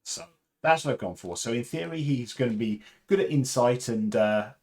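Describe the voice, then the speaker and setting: A man's voice: mid-range voice, moderate pace, a little mellow. A man hosting a casual livestream chat, rambling and chatty with fillers and laughs. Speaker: livestream host.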